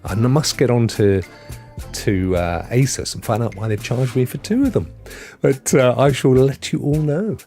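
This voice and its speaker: A man's voice: medium pitch, expressive, normal speed, warm tone, faint music behind. A man hosting a live stream, chatting casually and answering viewers in the chat. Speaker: streaming host.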